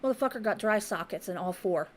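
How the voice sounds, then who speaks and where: A woman's voice: mid-range voice, quick pace, slight background noise. A woman hosting a casual podcast, telling a story bluntly and profanely, acting out the voices of the people in it. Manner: animated storyteller who acts out quoted voices. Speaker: podcast host.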